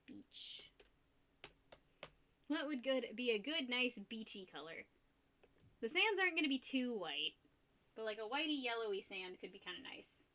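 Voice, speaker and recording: A young woman streaming while she paints, chatting casually, rambling and laughing often, and getting loud when excited. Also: fairly high pitch, normal speed.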